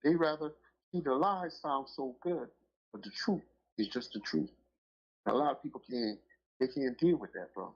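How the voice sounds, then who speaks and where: Gravelly, profane middle-aged storyteller man. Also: mid-range voice, moderate pace, long pauses. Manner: profane, rambling and emphatic, with many filler phrases. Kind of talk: casual podcast storytelling. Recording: dull lo-fi audio.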